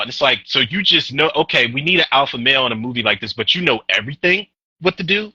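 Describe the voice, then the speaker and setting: A man's voice: mid-range voice, animated, quick pace, sharp tone, breathy edge, no echo, muffled recording. A man co-hosting a podcast in casual, profane, ranting chat about movies, with a sore throat. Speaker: podcast co-host.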